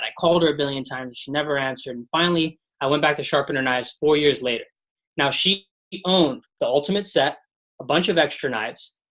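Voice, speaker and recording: A man's voice: a little high, fairly bright tone. A man leading a motivational sales training call, telling stories and repeating mantras with energy.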